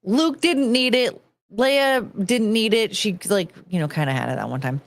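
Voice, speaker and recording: A woman's voice: mid-range voice, lively intonation, moderate pace. A woman hosting a podcast, ranting bluntly and casually, swearing and restarting her sentences. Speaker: podcast host. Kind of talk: casual opinionated rant.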